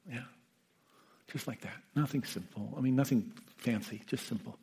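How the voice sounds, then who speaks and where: A man, a meditation teacher who sat with the dying, gives an unhurried, reflective talk, often checking in with his listeners. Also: medium pitch, creaky, slight background noise. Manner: gentle, unhurried, often asks "Yeah?" and "you know". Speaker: meditation teacher and hospice caregiver.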